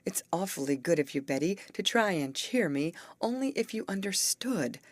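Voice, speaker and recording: Woman reading as a teen girl, tearful, faltering, halting, dry close sound. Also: fairly low pitch, lively intonation, no room sound, voice pushed up. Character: tall, tearful teenage girl, upset.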